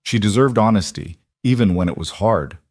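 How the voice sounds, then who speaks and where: Guy narrating an emotional story, lowish voice, steady pace, dry close mic. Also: moderate pace, dry recording. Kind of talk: scripted narration.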